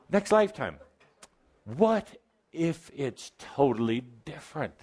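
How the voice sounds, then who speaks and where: A man leads a channeled spiritual talk before a live audience, playful and teasing, with a theatrical streak. His middle-pitched voice swoops widely as he stretches out the words he wants to land. He mixes gentle encouragement with cheeky asides. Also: big pitch swings, drawn-out words, breathy edge. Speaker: spiritual teacher addressing a live group.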